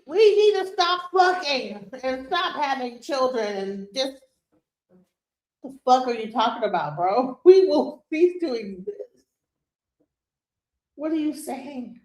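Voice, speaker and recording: A middle-aged woman hosting a livestream, ranting in a heated, profane way and firing off rhetorical questions. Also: sits high. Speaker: streamer host. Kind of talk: livestream commentary reacting to a clip. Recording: roomy echo.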